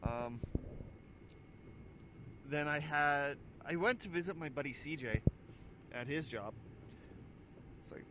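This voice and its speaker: A man's voice: mid-range voice, a little slow, pauses often, noisy background. A man hosting a casual morning radio show, telling rambling, jokey stories and laughing at himself as he runs trivia on a handheld mic. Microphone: handheld microphone.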